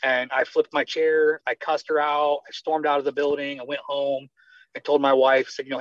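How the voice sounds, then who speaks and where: Animated American man telling his story. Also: fairly high pitch, normal speed, dry recording. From United States. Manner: animated, acts out quoted dialogue. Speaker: guest, retired army medic. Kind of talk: conversational storytelling interview. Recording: slightly dull dry sound.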